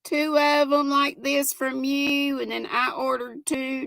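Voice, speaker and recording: Older lady chatting with her viewers, bright lively voice, slow easy talk. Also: high voice, gravelly, no echo, studio quality. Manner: chatty, giggly, folksy, talks to viewers as "y'all". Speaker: livestream host reading chat. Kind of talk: casual chat. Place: at home.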